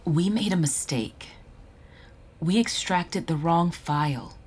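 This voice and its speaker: A stern female alien custodian in an audio drama. Her low voice is husky. She speaks calmly and formally, and she does not bend. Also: slow pace, full character voice. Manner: calm, formal and insistent. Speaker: custodian of released prisoners.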